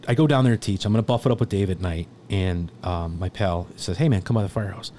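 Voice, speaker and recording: Guest on a podcast: low-pitched man, casual and profane, rambling anecdotes, faint noise behind. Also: quick pace, mellow. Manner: rambling, profane storytelling with quoted voices. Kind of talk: casual chat.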